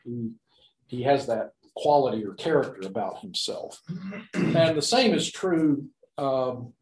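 A man lecturing on scripture grammar in a mid-pitched voice, with a noticeable echo from the room around him. He speaks off the cuff, full of "uh"s and restarts, and checks in with his listeners through rhetorical questions. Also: animated, a little mellow. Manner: halting, frequent fillers and restarts, rhetorical questions. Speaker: Bible teacher. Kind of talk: unscripted Greek grammar lecture.

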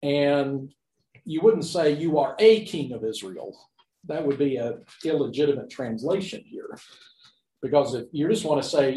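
A man's voice: mid-range voice, a little mellow, roomy sound, rough recording. A man teaching the grammar of a Bible passage, talking unscripted with many fillers, restarts and rhetorical questions. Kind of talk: unscripted Greek grammar lecture.

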